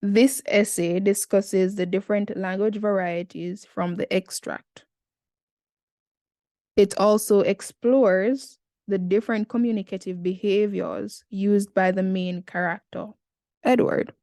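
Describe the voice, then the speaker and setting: A woman's voice: mid-range voice, fairly even intonation, takes it slowly, warm tone, dry recording, clean studio sound. A Jamaican woman in her twenties, talking through an essay in a casual, chatty tutorial with slangy asides. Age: 20s.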